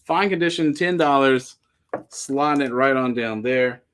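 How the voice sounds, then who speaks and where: A man's voice: medium pitch, a little slow, background noise. A man hosting a live comic book sale, listing issues casually and joking in rambling asides. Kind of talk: casual live-stream selling.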